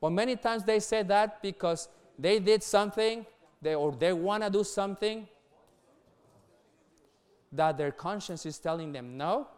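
A middle-aged man preaching earnestly to young people, laughing softly between points and repeating words as he goes. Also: high-pitched, measured pace, smooth. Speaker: youth pastor.

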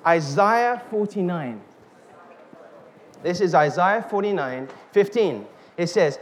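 A man preaching a sermon, slow and emphatic, calling out questions to the congregation. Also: high-pitched, lively intonation. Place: church hall. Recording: reverberant hall with faint noise.

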